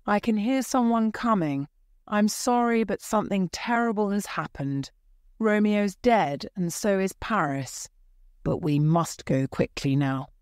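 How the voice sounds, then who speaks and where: A woman's voice: mid-range voice, a little mellow, clean tone, dry recording, clean studio sound, pitched above the performer's own voice, natural voice. A woman reading a storybook, voicing a worried, kindly older friar who speaks with urgency. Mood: urgent. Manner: urgent, hurried.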